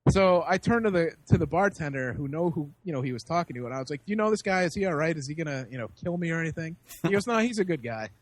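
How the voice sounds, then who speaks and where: A man with a high voice tells a story on a podcast. He is animated and laughs often. He acts out the people in the story as he goes. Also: quick pace, hardly any pauses. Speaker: podcast host. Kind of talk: casual storytelling.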